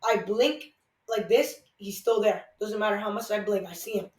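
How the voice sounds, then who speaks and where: This podcast host is a man with a high-pitched voice and a moderate pace, telling a story in a casual, rambling way. He says "like" a lot and keeps restarting. He sounds far from the mic in an echoey room.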